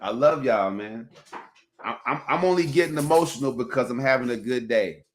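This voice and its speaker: A man hosting a relationship podcast in casual chat, emphatic and swinging from soft, emotional talk to loud hype calls. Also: mid-range voice, lively intonation, moderate pace. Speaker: podcast host.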